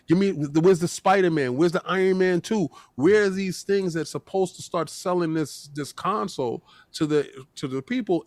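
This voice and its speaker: High-pitched animated man joking. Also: no room sound, clean studio sound. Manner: animated, joking, acts out voices. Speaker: podcast co-host. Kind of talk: casual gaming podcast banter.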